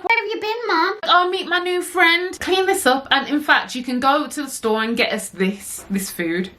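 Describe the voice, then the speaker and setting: A young woman telling a story to camera, animated and slangy, swearing and acting out the characters. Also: a little high. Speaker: vlogger. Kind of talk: story time chat.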